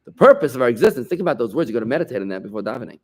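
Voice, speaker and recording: Animated rabbi teaching a lively class. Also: male voice, medium pitch, racing. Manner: animated, emphatic, conversational, bantering with listeners. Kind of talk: informal Torah class.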